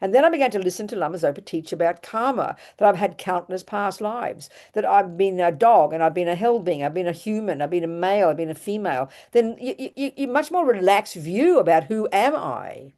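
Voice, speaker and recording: An older woman with an Australian accent, a Buddhist nun giving an animated, emphatic dharma talk, often restarting and repeating her phrases. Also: mid-range voice, fairly quick, few pauses.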